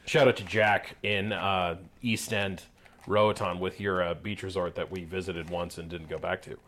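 A man's voice: low voice, fairly even intonation, moderate pace, fairly bright tone, a little hiss or hum. A young man co-hosting a casual podcast, rambling and self-deprecating with many fillers. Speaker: podcast co-host.

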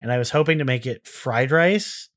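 A man's voice: mid-range voice, a bit bright. Rambling man on a podcast. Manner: rambling, halting repetitions. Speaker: podcast co-host. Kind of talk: casual chat.

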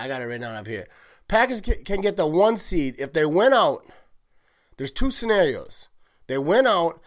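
A man hosting a solo sports podcast, rambling and excited, often correcting himself and laughing at his own slips. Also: fairly high pitch. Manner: rambling, heavy use of "like", self-correcting. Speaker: podcast host.

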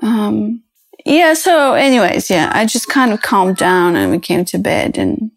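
Very animated and medium in pitch, this podcast host's voice comes through with no echo. She talks about personal matters in a halting, reflective way, full of fillers and restarts, and sounds near tears.

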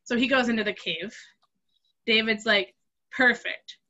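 Woman, youth group leader, bright tense voice, a bit high, lo-fi sound. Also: normal speed. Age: adult. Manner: lively, acts out characters. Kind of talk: telling a Bible story to kids.

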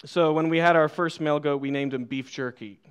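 His voice is a little high with fairly even intonation, delivered briskly, and the recording cuts off the highs. In this church sermon he recounts a funny childhood story, laughing often at himself, then moves into scripture.

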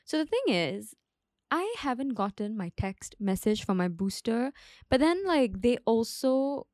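A woman's voice: a little high, sing-song, unhurried, darkish tone, no echo, clean studio sound. A young woman hosting her own podcast, rambling casually with lots of "like" and asides. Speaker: podcast host. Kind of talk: casual solo podcast chat.

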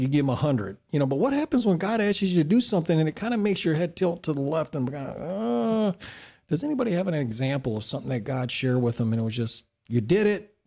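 A man's voice: a little high, creaky. A man leading a casual church panel discussion, telling stories and asking the group questions. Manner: lively storyteller, asks the group questions. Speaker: discussion leader.

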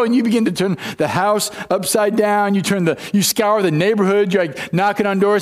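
A man with a notably high voice delivers a sermon as a pastor. He tells the story in a loose, conversational way, slipping into casual modern phrasing as he goes. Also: quick pace, hardly any pauses.

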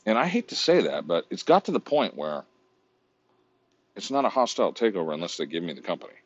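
A man's voice: sits low, sing-song, quick pace, husky, no echo, lo-fi sound. A man vlogging in a casual, rambling, profane way while browsing online, often mocking himself.

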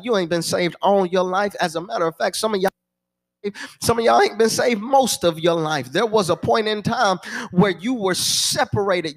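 High-voiced preacher. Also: male voice. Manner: repetitive preaching cadence with call-and-response asides. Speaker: pastor. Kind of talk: sermon.

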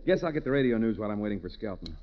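An actor playing a patient, sober friend who keeps urging a drunk to go home, in 1940s radio comedy style. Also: male voice, lowish voice, animated, rapid-fire, natural voice. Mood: amused. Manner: patient straight man, often laughing. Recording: very noisy dull old radio broadcast.

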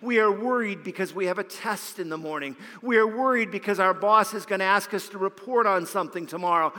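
A man's voice: sits high, fairly quick, pushed and bright. A man, a pastor, preaching a sermon and telling a story, often repeating a word as he starts a phrase. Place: church sanctuary. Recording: long hall reverb.

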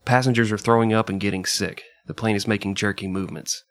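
A man's voice: fairly low pitch, steady tone, fast talker, fairly bright tone, no room sound. Guy podcast host reading out history, laughs a lot, dry close mic. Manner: reads passages aloud, laughs often.

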